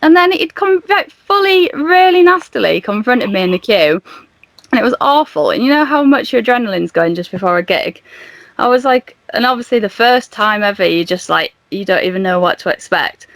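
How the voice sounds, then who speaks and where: A young woman tells a story on a podcast, lively and full of laughter. Her voice sits a little high. The sound is close and dry with almost no room. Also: a little fast, dry recording. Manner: animated, laughing, acts out dialogue in her retelling. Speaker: podcast guest. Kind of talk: casual storytelling.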